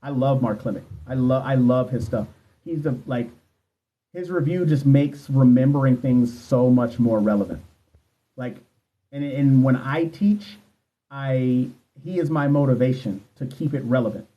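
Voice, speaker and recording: A man's voice: medium pitch, a little slow, dark tone. Thirtysomething guy coaching nurses on a live stream, swears a lot, keeps it real, kinda muffled lo-fi audio. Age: 30s. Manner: candid, profane, talks straight to viewers. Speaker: nursing exam coach. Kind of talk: casual livestream chat answering viewer questions. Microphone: phone livestream.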